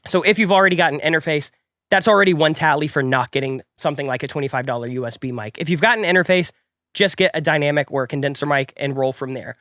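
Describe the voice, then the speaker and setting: A young man hosting a music production tutorial, his voice a little stuffy from a cold. He talks quickly in a slightly high register, upbeat and chatty, rambling a bit. The sound is dry and close, with no room echo. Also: a bit bright. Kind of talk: casual tutorial talk.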